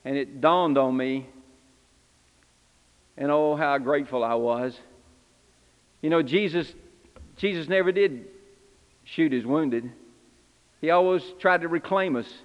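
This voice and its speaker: A man portraying Simon Peter, the impulsive fisherman who became an apostle, delivers an earnest, confessional first-person sermon to a congregation. His voice sits high for a man, and it rings out with a long reverb through a church hall. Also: slow, pauses often, muffled recording. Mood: exhorting. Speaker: preacher in character.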